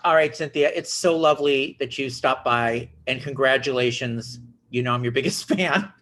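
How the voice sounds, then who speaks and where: A man's voice: mid-range voice, moderate pace, a bit bright. Chatty male interview host. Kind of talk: interview show chat.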